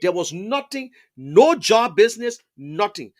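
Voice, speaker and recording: A man's voice: high voice, sing-song, a little slow. A man with a Liberian English accent giving impassioned testimony in an interview, emphatic and repetitive, stammering over words as he presses his point. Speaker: interviewee, political supporter.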